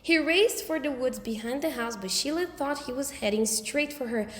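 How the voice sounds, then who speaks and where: High-voiced woman reading a storybook. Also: moderate pace, background noise. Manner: lively, expressive reading. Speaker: audiobook reader. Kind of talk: storybook narration. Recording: roomy with long reverb.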